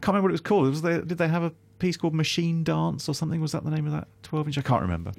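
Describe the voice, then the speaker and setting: A man's voice: on the high side, very fast, creaky, darkish tone, dry recording. A man, a guest on a radio show, talking casually in a rambling, hesitant way with many restarts.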